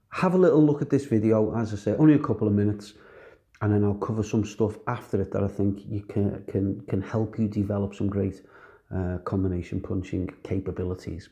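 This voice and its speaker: A man's voice: lowish voice, warm tone. A British man, a boxing coach, talking casually to camera in a loose, rambling way with frequent ums and restarts. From United Kingdom. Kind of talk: casual online coaching talk.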